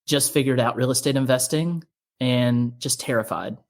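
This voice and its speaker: A man's voice: medium pitch, normal speed. A man co-hosting a casual podcast, playful in banter and enthusiastic when reading the closing sign-off. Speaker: podcast co-host. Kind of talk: casual podcast chat and scripted outro.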